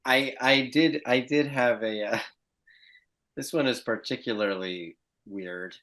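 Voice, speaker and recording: A man's voice: mid-range voice, slow. A man guest on a podcast, telling stories in casual conversation and acting out the voices of people he quotes. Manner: animated storyteller, acts out quoted voices. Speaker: actor and stand-up guest.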